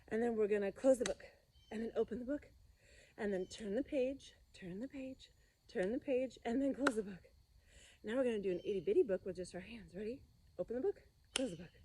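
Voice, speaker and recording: A cheerful woman leads a children's yoga class, coaxing the kids along with sing-song, encouraging instructions. Her voice sits a little high yet sounds soft and mellow. Faint background noise runs under the recording.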